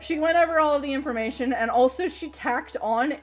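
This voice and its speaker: A young woman livestreamer telling a story in casual chat, animated, swearing freely and laughing as she talks. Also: high-pitched, fairly quick, soft background music.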